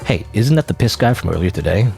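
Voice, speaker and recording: A man's voice: lowish voice, lively intonation, quick pace, gravelly, darkish tone, soft background music. A man giving casual, rambling, self-deprecating commentary while playing a video game. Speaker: let's play gamer.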